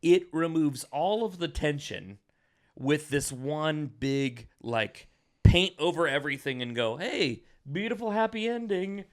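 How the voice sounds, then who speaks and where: A man's voice: on the high side, unhurried. A man co-hosting a movie podcast, talking casually and ranting with exasperation. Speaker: podcast co-host. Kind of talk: casual movie review chat.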